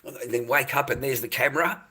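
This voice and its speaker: A man's voice: medium pitch, fairly quick, bright, forceful tone, breathy edge. An older man, talking to viewers on his livestream in a rambling, repetitive way, full of "mate" and "boys".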